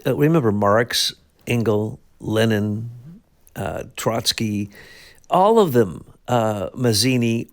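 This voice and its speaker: A man co-hosting a political talk show, speaking emphatically, piling up sweeping claims with frequent restarts. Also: mid-range voice. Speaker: co-host.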